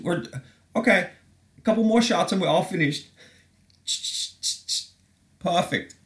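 Brief: a man putting on a chirpy fashion photographer, high and mincing, fussy and overly polite. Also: a little slow, reverberant.

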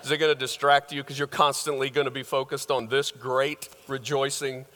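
A man's voice: medium pitch, level tone, moderate pace, pushed and bright. Joking older man preaching in a reverberant hall. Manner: joking, conversational, many fillers and restarts. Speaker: pastor. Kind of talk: sermon.

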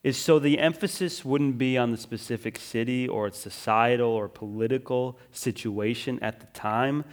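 A male pastor preaching a sermon, moving between urgent emphasis and quiet, drawn-out phrases, often checking in with listeners. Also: mid-range voice. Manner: swings from loud and urgent to hushed and slow, with frequent "right?" asides.

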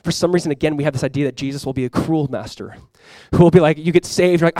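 A man preaches a sermon at a quick clip, bouncing between explanation and acted-out quotes. His voice sits a bit high for a man and sounds dry and close. He often repeats words as he builds momentum. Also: no room sound. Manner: animated, acts out quoted voices, repeats himself. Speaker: pastor.

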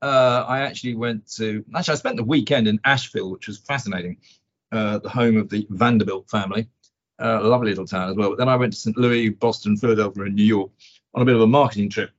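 A man's voice: lowish voice, steady tone, fast talker. A man hosting a podcast about markets, talking casually and rambling with fillers and restarts. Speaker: podcast host. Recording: dull lo-fi audio.

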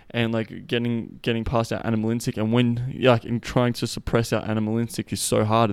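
A man's voice: fairly low pitch, vocal fry, darkish tone, smooth, no echo. A man hosting a podcast, telling crude stories in a profane, rambling way while slightly out of breath from walking. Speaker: podcast host. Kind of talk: casual monologue.

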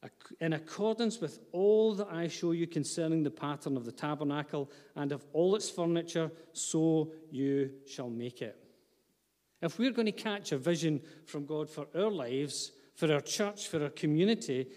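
A man's voice: fairly high pitch, animated, moderate pace, a little mellow, big-room sound. A man, preaching a sermon as pastor, earnest, with light asides to the congregation. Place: church hall.

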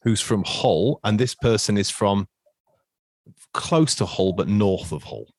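A man hosts a casual quiz podcast over a video call. He is chatty and teasing, rambling between questions. His voice is fairly low and sounds dry and close. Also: animated, measured pace, darkish tone, slightly rough, no room sound. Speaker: quiz host.

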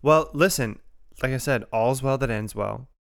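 A man in relaxed podcast chat with a smooth, clear voice at a middle pitch. He reacts with loud, emphatic exclamations and swears casually. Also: moderate pace. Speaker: podcast co-host.

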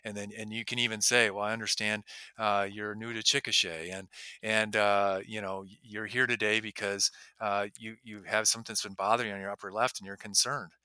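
Bright, chatty male dentist host. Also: fairly low pitch, level tone, fairly quick, smooth, no room sound. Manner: chatty, acts out patient phone calls, laughs easily. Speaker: dentist hosting a dental talk show. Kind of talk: conversational interview.

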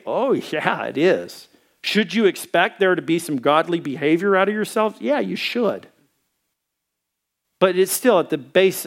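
A man from Arkansas delivers a sermon in a casual, animated style. His voice sits high for a man. He talks like he is chatting with his congregation. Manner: animated, conversational preaching with quoted asides. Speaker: pastor.

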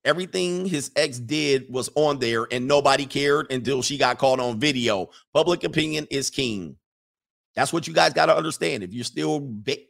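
Man, livestream host, casual commentary, emphatic, conversational, mid-pitched voice, lots of fillers and restarts. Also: moderate pace, vocal fry, a bit bright. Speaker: livestream host reading chat.

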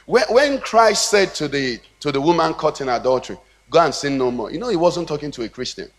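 A man's voice: fairly high pitch, expressive, brisk, fairly bright tone. A man with a Nigerian English accent, a pastor preaching a sermon with a rhythmic cadence and call-and-response questions to the congregation. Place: church hall. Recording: long reverb of a church hall.

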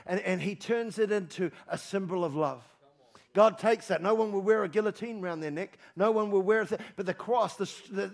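A man preaching in a church, his voice pitched high with a gravelly, creaky edge. He repeats key phrases and swings from hushed lines to loud calls. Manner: emphatic preaching, repeats phrases, rises to shouts and drops low. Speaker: pastor. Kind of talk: sermon. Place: church hall with congregation.

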